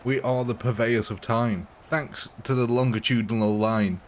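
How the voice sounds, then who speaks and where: Chatty gaming streamer. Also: male voice, mid-range voice, steady tone, normal speed, a little hiss or hum. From English Midlands. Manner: chatty, laughs often. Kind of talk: live gameplay commentary.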